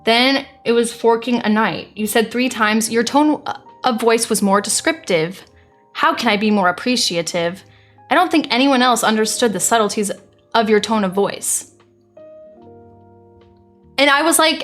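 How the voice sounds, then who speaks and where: A woman's voice: fairly high pitch, lively intonation, fairly bright tone, faint music behind. A young American woman streamer reading viewer messages aloud in a blunt, exasperated way. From United States. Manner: blunt and exasperated, quick to deny.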